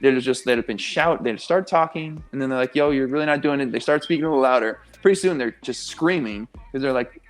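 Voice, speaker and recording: A man's voice: medium pitch, fairly quick, hardly any pauses. A young man as a guest on a radio interview show, talking with passion and emphasis and swearing freely. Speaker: guest, pro athlete and coach.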